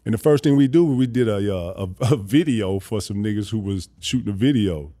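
A man telling stories as a guest in a casual chat, animated and profane, acting out what others said. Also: lowish voice, fairly quick. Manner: animated, profane, acts out quotes.

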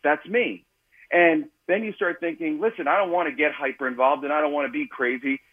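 Husky-voiced man telling a story on radio. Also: on the high side, fairly quick, phone-quality sound. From Chicago area. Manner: animated, self-mocking, acts out quoted voices. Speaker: author and guest. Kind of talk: candid storytelling in a radio interview.

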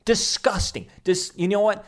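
A man's voice: high voice, steady tone, normal speed, fairly bright tone. A man giving a heated, mocking commentary in a casual ranting style. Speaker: political commentator.

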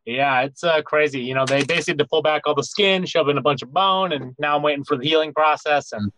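A man chatting casually as a guest, relaxed and rambling with lots of fillers. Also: fairly high pitch, fast talker, dry recording. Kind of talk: casual video-call chat.

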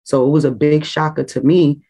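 A middle-aged woman, a bereaved mother, gives raw, emotional personal testimony, bringing quoted voices to life as she tells her story. Her voice is low and her pace moderate, but the audio is poor.

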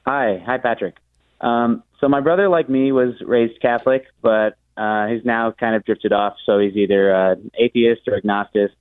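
A man calling a radio show by phone, asking a question in a halting way with many pauses. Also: medium pitch, fairly even intonation, clear, resonant tone, no room sound. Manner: halting, searching for words. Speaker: caller. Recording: tinny phone line.

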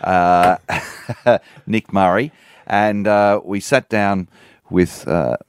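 A man with a very low voice tells a wry anecdote on a comedy podcast. The sound is dry and close, with no room around it. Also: steady tone, very slow, clear, resonant tone, no echo. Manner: wry anecdote telling, mimics people in quotes. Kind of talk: casual storytelling.

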